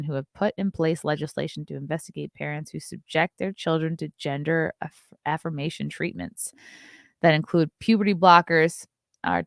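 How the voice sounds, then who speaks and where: A woman's voice: lowish voice, fairly bright tone, no echo, studio quality. A woman in her thirties hosting a casual morning talk stream, reading news and answering chat comments with blunt opinions. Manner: chatty and opinionated, reacts to chat, yawns often.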